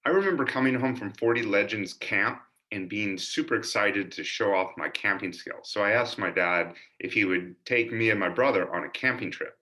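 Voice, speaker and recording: A man narrating his childhood memories of his father, in an earnest, animated storytelling manner. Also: fairly low pitch, normal speed, hardly any pauses. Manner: earnest, animated storytelling with lively quoted voices. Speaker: son telling family stories.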